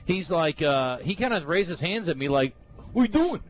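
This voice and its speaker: A man co-hosts sports radio live from a golf course. His voice sits a bit high and swings widely as he acts out an argument. Faint outdoor ambience hangs behind him. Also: moderate pace, slight background noise. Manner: animated storyteller, exasperated. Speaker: radio co-host. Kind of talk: casual sports radio banter.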